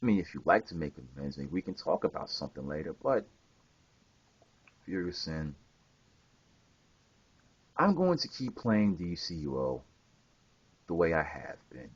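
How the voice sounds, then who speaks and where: A man's voice: low-pitched, big pitch swings, normal speed, pauses often, slightly rough, no room sound. A young man, an online gamer, delivering a profane, confrontational rant straight at a rival. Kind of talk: angry rant to camera. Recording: dull lo-fi home recording.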